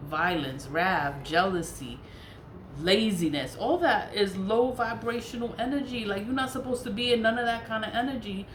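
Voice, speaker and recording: A woman telling a personal story in a casual monologue, blunt and profane, repeating herself for emphasis. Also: medium pitch. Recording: echoey room with faint background noise.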